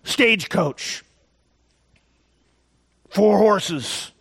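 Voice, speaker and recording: A man's voice: sits high, expressive, drawn-out words, fairly bright tone, husky, exaggerated voice. A man voicing a stoic tracker who speaks in short, clipped, grunting phrases. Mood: deadpan. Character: stoic male tracker, terse and deadpan.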